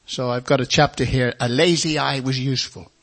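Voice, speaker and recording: A man's voice: medium pitch, fairly even intonation, a little fast, a bit bright. An older man preaching and telling his life story in a folksy storytelling manner, acting out other people's voices. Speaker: preacher giving his testimony. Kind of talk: testimony sermon.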